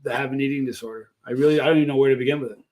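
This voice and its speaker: A man's voice: mid-range voice, fairly even intonation, very fast, a little mellow. A man hosting a casual talk show with an ordinary mid-range voice. He reads out a listener's note and responds in an earnest, sympathetic way. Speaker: host. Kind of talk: casual chat.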